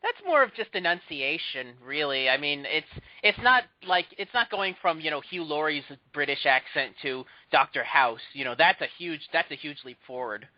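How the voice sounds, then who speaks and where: A man's voice: a little high, lively intonation, normal speed, few pauses, highs cut off. A young man co-hosting a casual movie podcast, chatty and opinionated. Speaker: podcast co-host. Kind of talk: casual chat.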